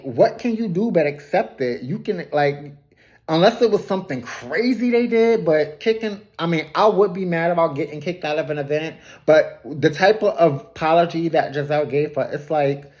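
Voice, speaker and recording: A woman's voice: on the low side, normal speed, a little mellow. A woman giving a casual, gossipy recap of a reality TV episode, laughing often, throwing shade and correcting herself as she goes. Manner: loose colloquial phrasing with frequent self-corrections.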